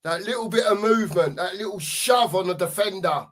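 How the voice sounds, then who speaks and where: A man with a voice that sits high and sounds a bit bright co-hosts a live football watchalong. He gives casual commentary and reads out chat messages, full of banter, stretching out his goal calls for emphasis.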